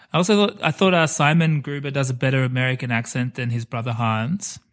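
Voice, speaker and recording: A man co-hosts a casual podcast. He rambles enthusiastically and breaks into laughter often. His voice sits at an ordinary middle pitch. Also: fairly even intonation, normal speed. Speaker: podcast co-host. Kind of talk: casual chat about a film.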